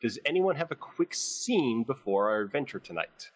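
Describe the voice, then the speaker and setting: A man's voice: medium pitch, sing-song, normal speed. A man running a tabletop role-play as game master, narrating in an easygoing, chatty way.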